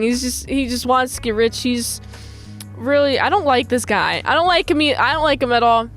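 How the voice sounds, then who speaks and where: Woman episode reviewer, high voice, lively casual recap, faint music under her. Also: moderate pace. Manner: animated, mimics characters in funny voices. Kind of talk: casual recap with acted-out quotes.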